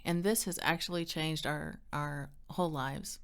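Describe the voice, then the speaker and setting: Her smooth, low voice stays steady at a normal speed as this middle-aged counseling center director talks to the camera about parenting. She's friendly, chatty, and upbeat, laughing easily and performing quoted dialogue as she gives advice.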